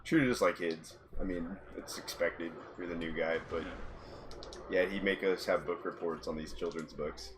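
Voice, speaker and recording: A former Marine appears as a podcast guest, casually telling anecdotes in an easygoing way and laughing often. His voice is low and his pace moderate, with a noisy background.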